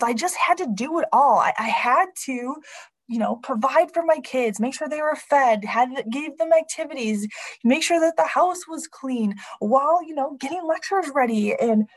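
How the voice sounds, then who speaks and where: A woman's voice: high-pitched, low-quality recording. A woman in her thirties candidly telling a personal story, laughing often and acting out her own inner voice. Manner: expressive, laughs often while talking; lively acted-out inner voice.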